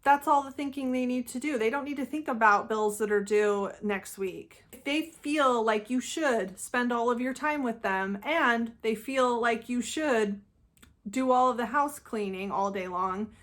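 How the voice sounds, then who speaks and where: A woman's voice: on the high side, measured pace, fairly bright tone. A woman hosting a channel, giving an earnest, emphatic solo talk that explains things step by step. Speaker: host of a channel about narcissism.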